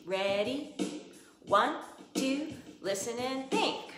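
A woman's voice: sits high, animated, extremely slow, heavy background noise. A woman music teacher leading an upbeat rhythm lesson, cheering and singing out her words and counting beats aloud. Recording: roomy, with instrument playing.

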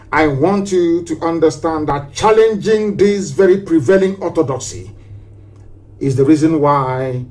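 A man from southeastern Nigeria, speaking, addresses listeners in a live broadcast. His voice sits high, and he preaches passionately, pressing his points through repeated phrases and pointed rhetorical questions. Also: darkish tone. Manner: impassioned and preachy, hammering rhetorical questions and repetitions. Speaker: political activist broadcaster.

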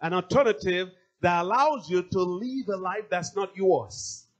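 A man's voice: sits high, measured pace, lo-fi sound. A male pastor preaching a sermon, emphatic and repeating his key phrases.

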